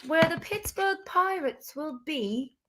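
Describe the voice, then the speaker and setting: A woman's voice: very high voice, animated, slow, background noise. A young woman hosting a casual sports live stream from home, bubbly and chatty, talking straight to her viewers. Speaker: sports podcast host. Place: home room near window.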